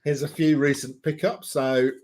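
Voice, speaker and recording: A man's voice: a little high, fairly even intonation, normal speed, darkish tone. A man talking casually in a group video chat, describing collectibles as he shows them and laughing easily. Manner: chatty, describes items he shows. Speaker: guest on a video chat show.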